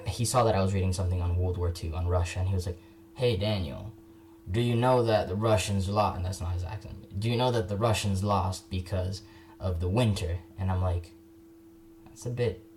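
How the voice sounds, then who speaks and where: Young man, casual history talk, rambling with many restarts, lowish voice, faint background hum. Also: a little mellow. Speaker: history video maker.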